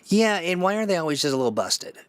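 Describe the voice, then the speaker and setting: A man's voice: high voice, sing-song, fast talker, a bit bright, clean tone, dry recording. Rambling, joking man, dry close sound. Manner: joking, rambling, laughs often. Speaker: host. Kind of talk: casual chat.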